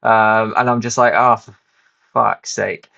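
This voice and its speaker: A man's voice: lowish voice, level tone, a little slow, gravelly, sharp tone, muffled recording. A man and channel host casually telling a rambling, self-mocking story, swearing freely.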